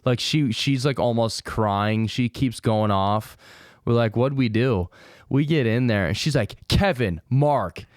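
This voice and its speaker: A man's voice: medium pitch, measured pace, dry recording, studio quality. A young man co-hosting a podcast, telling stories in a rambling, profane way and acting out the people he quotes. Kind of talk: casual storytelling chat.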